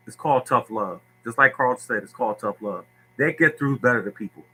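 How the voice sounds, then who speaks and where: A lottery tips host answers viewers on a livestream, speaking bluntly and preachily and repeating every point to hammer it home. His medium-pitched voice is very bright and sharp with a husky, raspy edge, delivered in an animated, brisk way. The recording is rough.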